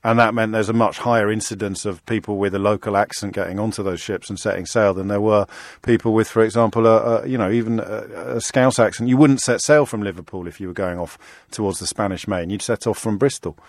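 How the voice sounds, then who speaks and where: A man's voice: on the low side, steady tone, no room sound, studio quality. A man hosting a radio phone-in, bantering and teasing his callers in casual chat. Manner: bantering, teasing, quick asides.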